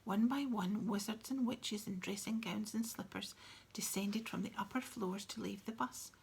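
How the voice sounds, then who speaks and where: A woman narrating an audiobook in a soft, hushed whisper at a steady reading pace. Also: mid-range voice, normal speed, creaky, slight background noise. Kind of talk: whispered storytelling.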